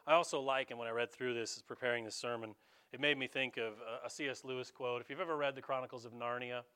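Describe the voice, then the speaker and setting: A man preaching a sermon as a pastor, conversational and animated, with sudden loud bursts of emphasis. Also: mid-range voice.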